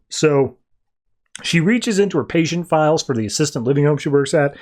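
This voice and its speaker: Male podcast host, slightly higher voice, rambling casual comic recap. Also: lively intonation, brisk, darkish tone. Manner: rambling, voices characters loosely in quotes.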